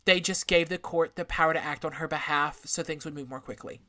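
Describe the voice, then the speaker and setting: Low-voiced woman recounting a crime case. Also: fairly even intonation, fairly quick, sharp tone, no room sound, clean studio sound. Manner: explains a case from notes, casual swearing. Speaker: podcast co-host. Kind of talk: true crime podcast chat.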